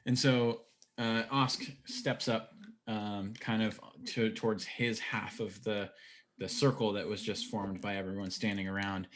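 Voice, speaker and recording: Low-voiced man narrating as game master. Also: unhurried. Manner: relaxed, descriptive, with fillers.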